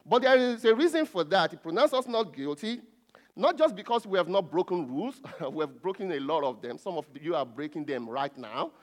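A man's voice: sits high, big pitch swings, brisk, big-room sound. A man preaching a sermon as pastor, teaching a point step by step and repeating key words for emphasis, with light chuckles. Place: church hall.

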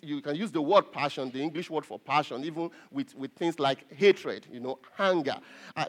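A pastor preaching an earnest sermon to his congregation, repeating phrases and pausing on fillers. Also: on the high side.

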